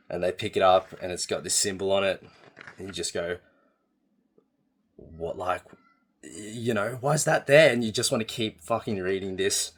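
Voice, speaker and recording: A young Australian man chatting casually in a video journal, enthusiastic and rambling, with many fillers and restarts. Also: sits low. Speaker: vlogger.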